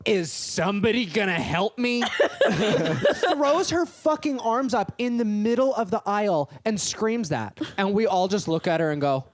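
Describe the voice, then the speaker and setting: A woman's voice: mid-range voice, animated, a little slow, darkish tone, no room sound, clean studio sound. A young woman co-hosting a podcast, telling work stories in casual chat, swearing and acting out customers. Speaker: podcast co-host.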